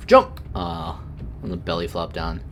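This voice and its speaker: A man giving crude, mocking commentary while playing a video game, breaking into sudden yelps and shouts. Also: sits low, huge pitch swings, measured pace, slight background noise. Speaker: gaming streamer. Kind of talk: profane let's-play commentary.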